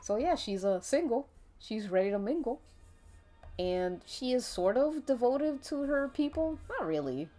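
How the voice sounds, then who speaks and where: A woman chatting on a live drawing stream, rambling and giggling as she invents characters. Her pitch leaps around in a lively, expressive way, and she drops casual swears. Soft music plays quietly behind her. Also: unhurried. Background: faint background music.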